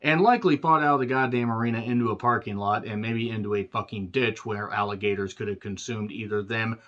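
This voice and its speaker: A man's voice: mid-range voice, fairly bright tone, lo-fi sound. A man reviewing a wrestling show in a sarcastic, profane, exasperated rant.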